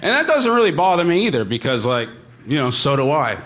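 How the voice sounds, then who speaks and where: A young man doing stand-up with a deadpan, halting delivery full of small pauses. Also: on the high side. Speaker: stand-up comedian. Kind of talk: stand-up routine.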